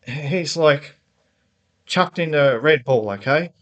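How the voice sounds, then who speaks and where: A man's voice: fairly high pitch, lively intonation, takes it slowly, fairly bright tone, dull audio. Heated man ranting into his laptop. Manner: heated, rambling, repeats words and restarts, grows more worked up. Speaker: motorsport fan vlogger. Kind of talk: unscripted opinion rant. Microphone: laptop built-in mic.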